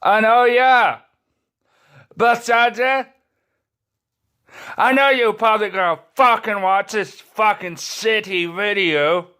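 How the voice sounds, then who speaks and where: A man's voice: high voice, steady tone, takes it slowly, long pauses, sharp tone, smooth. A man delivering a furious, profanity-filled rant to the camera, swearing nonstop and tripping over his words. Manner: furious, swearing constantly, stumbling restarts.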